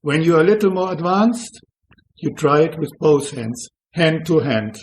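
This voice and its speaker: A man, a Zen monk, calmly explaining how to drum, in plain instructional English that is not his first language. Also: on the high side, normal speed. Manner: calm, plain instructional phrasing in non-native English. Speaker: Zen monk teaching drumming. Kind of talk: spoken instruction between drum demonstrations.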